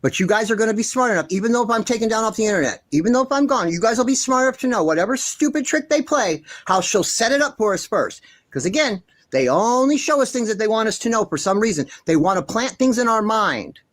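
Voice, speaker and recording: A man hosts a ranting commentary vlog, speaking with heated, indignant passion and liberal swearing. His voice swings widely in pitch as he hammers the same points again and again. The sound is dry and close, with no room echo. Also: lively intonation, fast talker, fairly bright tone. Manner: repeats himself insistently. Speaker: commentary channel host.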